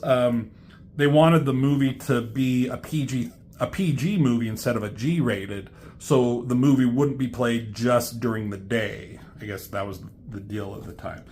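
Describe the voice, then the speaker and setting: A man's voice: medium pitch, a little slow, darkish tone. A man casually retelling a comic book story as a reviewer, loose and rambling, swearing freely along the way.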